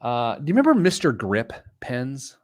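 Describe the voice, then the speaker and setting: A middle-aged man co-hosting a money podcast, his pitch leaping up and down as he talks. He jokes at his own expense and keeps laughing between his stories. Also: wildly swooping pitch, normal speed, no room sound. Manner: jokey, self-mocking, bursts into laughter. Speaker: podcast co-host. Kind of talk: casual chat and read-out segment.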